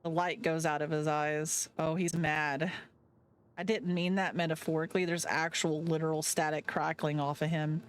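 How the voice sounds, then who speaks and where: A woman's voice: low-pitched, level tone, normal speed. A woman streamer reading a visual novel aloud live, chatting and reacting between lines. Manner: chatty, reacting as she reads.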